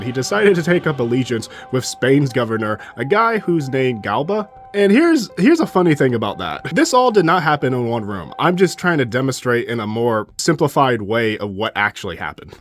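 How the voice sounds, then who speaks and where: A young man giving a casual history commentary, blunt and sarcastic and given to swearing. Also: mid-range voice. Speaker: history YouTuber.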